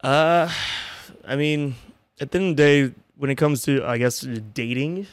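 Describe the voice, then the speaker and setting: A man guest on a podcast, talking in relaxed casual chat with brief jokes. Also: medium pitch, a little slow, no echo. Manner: relaxed, joking, brief reactions.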